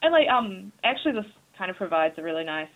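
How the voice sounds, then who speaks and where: A woman's voice: medium pitch, sing-song, quick pace. A woman from New Zealand in casual conversation, chatty and full of fillers. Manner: chatty, many fillers and likes. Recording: tinny phone-like line.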